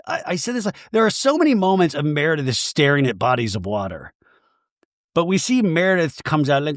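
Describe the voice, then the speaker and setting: Animated male comedy podcast host. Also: a little high, moderate pace, no room sound, studio quality. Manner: animated, jokey, playful. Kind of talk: comedic TV recap.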